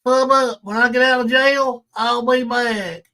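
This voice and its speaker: A man mockingly playing a boastful young jailbird, drawing his words out slowly in a chant. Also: extremely high pitch, steady tone, pushed and bright, pitched above the performer's own voice, exaggerated voice. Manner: slow drawling mocking chant.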